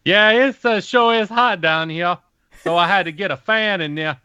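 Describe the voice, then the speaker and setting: A man's voice: sits high, moderate pace, sharp tone, clear, resonant tone, no room sound, dull audio. A man with a Southern US accent co-hosting a podcast, rambling and jokey with many fillers. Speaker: podcast co-host. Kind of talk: casual podcast chat.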